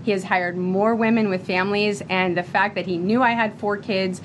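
A woman speaking as a press secretary, delivering a slow, rehearsed briefing. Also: medium pitch, steady tone, rough recording. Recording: played-back clip with clear background noise.

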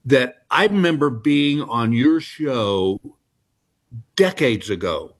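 A man in his sixties spins relaxed, self-mocking stories as a comedy guest. His voice sits at an ordinary middle pitch, easygoing and anecdotal. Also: slow pace. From Texas. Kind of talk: storytelling interview chat. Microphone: phone call-in.

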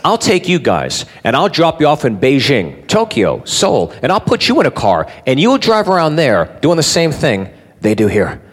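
A man's voice: mid-range voice, huge pitch swings, moderate pace, husky. A man doing a brash, mocking stand-up routine and addressing the audience directly. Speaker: stand-up comedian. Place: comedy club. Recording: live club with loud crowd and noise.

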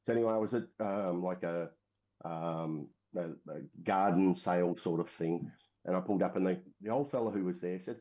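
Speaking at a normal speed in a warm, low voice, a middle-aged Australian ex-serviceman from Western Australia tells his story. It's rambling and casual, with many fillers and restarts, on a dull lo-fi recording.

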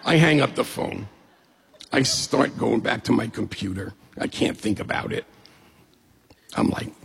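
Middle-aged guy spinning a funny story, super gravelly raspy voice, big hall echo. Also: mid-range voice, a little slow, pauses often. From New York State. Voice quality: gravelly and husky. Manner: lively, humorous, acts out quoted voices. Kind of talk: personal story told to an audience. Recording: long hall reverb.

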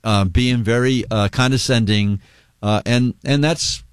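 A man's voice: medium pitch, clear, resonant tone, dry recording. Politician guy on the radio, defensive, lots of uh's, dry close sound. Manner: defensive, halting with fillers. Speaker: state governor, guest. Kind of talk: radio interview clip.

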